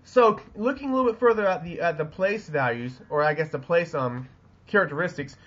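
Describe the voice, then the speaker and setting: Recorded on a webcam, this classroom geography lecture comes from a Southern US man whose voice is on the high side. He talks a little fast, rambling with many ums and restarts, and the sound is lo-fi.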